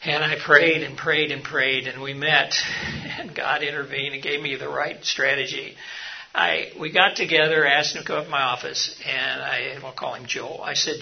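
Gravelly middle-aged man teaching a seminar. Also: mid-range voice, fairly even intonation, moderate pace, muffled recording. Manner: earnest, anecdotal, speaks with frequent fillers. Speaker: mission hospital leader teaching a session. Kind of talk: seminar talk.

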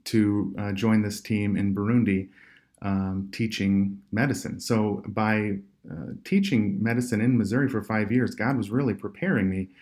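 A man giving an earnest conference talk as a medical missionary, halting and full of fillers and restarts. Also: fairly low pitch, a little mellow. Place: remote online session.

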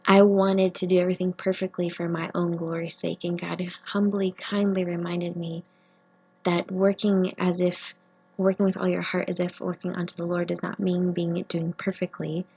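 A woman's voice: on the low side, vocal fry, a little mellow, slightly rough. A woman in her thirties, a family physician, giving an earnest faith-based talk to medical trainees, sharing her own story. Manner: earnest personal testimony. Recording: muffled lo-fi recording.

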